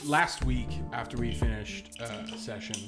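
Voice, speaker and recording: A man's voice: medium pitch, normal speed, loud music behind the voice. A man playing in a tabletop game, talking in a rambling way with laughs and free swearing. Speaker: player. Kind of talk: casual podcast chat.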